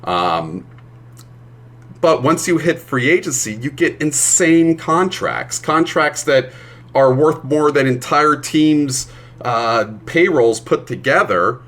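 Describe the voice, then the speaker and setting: A man's voice: a little high, expressive, slow, fairly bright tone. A male streamer chatting casually while he plays, ranting with plenty of swearing. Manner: profane, ranting.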